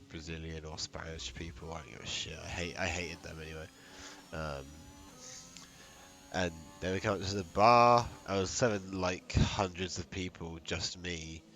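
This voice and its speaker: Very deep British male co-commentator, loose and jokey, rambling delivery. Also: fairly even intonation, normal speed, a bit bright, soft background music. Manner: joking, swears, trails off with ums. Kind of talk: casual race commentary.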